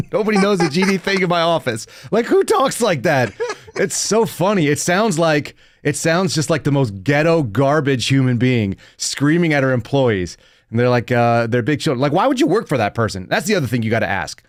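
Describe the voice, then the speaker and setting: A man in his thirties hosts a live podcast with blunt, mocking commentary, breaking into laughter between points. His voice sits at an ordinary middle pitch. The mic is close and the sound is dry, with no room around it. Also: very animated, normal speed, no room sound. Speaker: podcast host.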